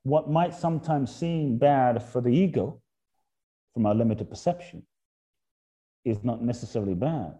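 A man talking as an interview guest in a reflective spiritual conversation. He asks repeated rhetorical questions and drops soft and slow on key points. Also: medium pitch.

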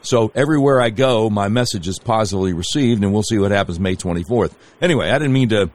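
Man, low voice, rambling storyteller, many ums and uhs, casual interview guest. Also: animated, fast talker. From Arkansas. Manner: rambling, storytelling with hesitant fillers. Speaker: guest, candidate for governor.

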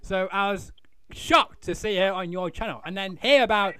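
A chatty, teasing male host who rambles and restarts his sentences. His voice is high and bright, with a forceful edge. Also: moderate pace, clean tone, dry recording. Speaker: podcast host. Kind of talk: casual interview chat.

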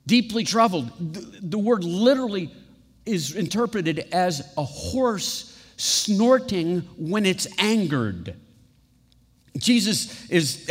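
A male pastor giving a sermon with conversational asides and rhetorical questions, building to emphatic peaks and dropping to hushed, slow passages. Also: on the high side. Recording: long reverb of a large hall.

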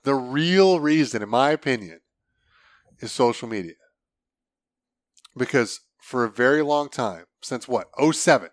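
A man's voice: mid-range voice, expressive, unhurried, pauses often, no room sound, clean studio sound. A man in casual conversation, blunt and opinionated, swearing freely as he argues his points. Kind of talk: casual podcast chat.

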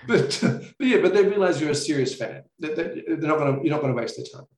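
A man's voice: a little high, expressive, quick pace. A man with an Australian accent, a podcast guest who talks casually and tells stories with frequent restarts. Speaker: podcast guest, comic art collector. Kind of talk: casual chat. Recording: echoey room.

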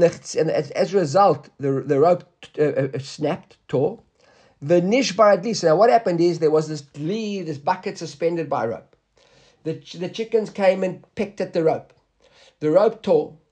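A man's voice: high voice, husky. A man teaching a Talmud class, explaining step by step and often checking with "right?", mixing English with Hebrew and Aramaic terms.

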